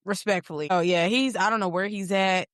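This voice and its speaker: A woman's voice: mid-range voice, a little fast, dry recording, studio quality. A woman podcast co-host, telling a dating story in casual chat and acting out what people said. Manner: animated storyteller, acts out quotes.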